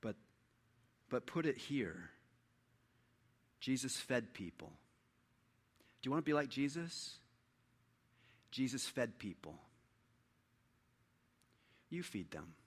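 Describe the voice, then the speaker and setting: A man preaching a sermon as a pastor, building up to loud, impassioned preaching. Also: mid-range voice, very animated, slow, long pauses, slightly rough. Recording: hall reverb.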